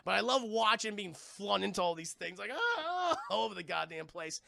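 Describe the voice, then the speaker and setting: A man giving an excitable, profane live-stream film review, talking straight to his chat and acting out scenes. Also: sits high, fairly quick, vocal fry, no echo.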